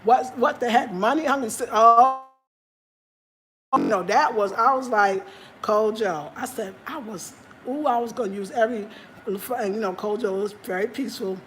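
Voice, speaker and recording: A woman's voice: mid-range voice, normal speed. A woman hosting a live stream from Ghana, candidly chatting and answering viewer comments. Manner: candid, animated, talks straight to viewers. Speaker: livestream host. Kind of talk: casual chat reading viewer comments. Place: home in Ghana.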